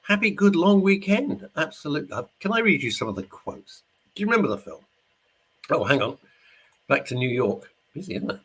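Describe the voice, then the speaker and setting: A man's voice: mid-range voice, big pitch swings, fairly quick, long pauses, fairly bright tone, breathy edge. A middle-aged man hosting a radio show, chatting casually and jokingly while reading out listener messages. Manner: chatty, jokey, rambling. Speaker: radio host. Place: studio.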